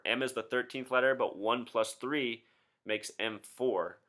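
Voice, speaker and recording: In his thirties, the man hosting this solo commentary video has a mid-range voice that comes across bright and forceful. He talks straight at his viewers, insistent, peppering them with rhetorical questions.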